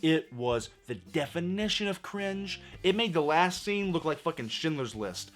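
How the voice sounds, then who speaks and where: Hoarse, exasperated man ranting. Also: on the high side, lively intonation, a little slow, a bit bright. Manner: exasperated, profane, emphatic. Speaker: movie reviewer. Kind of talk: ranting film review.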